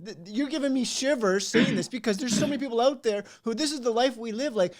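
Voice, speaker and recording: A male podcast host with a notably high voice talks in an animated way, cutting in and restarting his sentences as he reacts. He leans into the conversation with his guest. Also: quick pace, hardly any pauses. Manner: animated, interrupts, stammers and restarts. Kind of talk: interview conversation.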